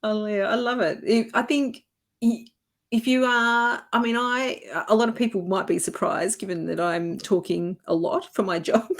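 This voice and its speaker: A woman hosting a podcast interview, chatty and easy-going, full of fillers and quick laughs. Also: mid-range voice, fairly even intonation. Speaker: podcast host. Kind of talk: conversational interview.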